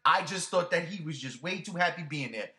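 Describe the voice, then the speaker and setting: A man's voice: on the high side, animated, brisk, bright, forceful tone. A man reviewing a movie in casual chat, ranting animatedly and swearing freely.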